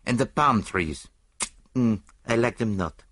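Poirot, a fussy old Belgian detective, as a husky narrator puts him on. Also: male voice, fairly low pitch, expressive, measured pace, fairly bright tone, no echo, clean studio sound. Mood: fussy complaining. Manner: fussy, complaining, precise.

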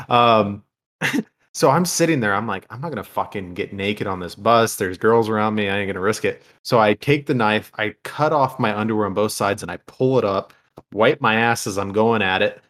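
A man with a low voice tells rowdy personal stories on a podcast. He swears freely and laughs as he talks. The delivery is loose and casual. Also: fairly bright tone. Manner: crude, profane, laughing while telling. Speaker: podcast co-host. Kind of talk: casual storytelling.

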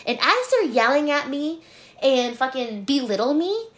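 A young woman with a high voice, speaking a little slowly, co-hosts a casual podcast and tells an animated story from her job at a hotel front desk. She swears freely and laughs as she tells it.

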